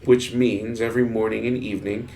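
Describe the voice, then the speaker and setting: A man from Texas co-hosting a podcast, talking casually and haltingly, with frequent restarts and laughs as he tells stories. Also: on the low side, flat delivery, a little mellow. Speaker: podcast co-host. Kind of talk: casual chat.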